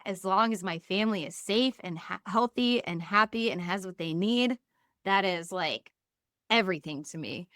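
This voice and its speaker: A woman in a casual podcast chat. She speaks in an earnest, upbeat way at a mid-range pitch and often laughs softly. The sound is dry and close, with no room echo. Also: normal speed. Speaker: guest.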